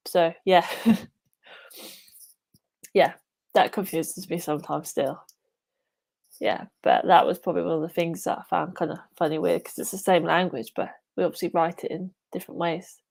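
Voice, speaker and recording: A woman's voice: lowish voice, fairly even intonation, moderate pace, vocal fry, long pauses, darkish tone. An English woman from England, a podcast guest, chatting casually with lots of "yeah" and "like". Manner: chatty, many fillers like "yeah" and "like". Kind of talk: casual interview chat.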